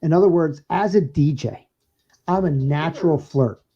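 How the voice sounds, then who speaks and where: A podcast co-host and DJ bantering casually, he has a fairly high, mellow voice at normal speed. He rambles through stories, laughing often and restarting sentences, and the recording sounds dull and lo-fi.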